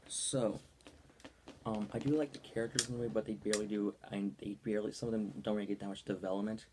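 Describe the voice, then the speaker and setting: A man's voice: fairly low pitch, little pitch movement, quick pace, heavy background noise. A young man giving a casual movie review in a rambling style, full of ums and likes.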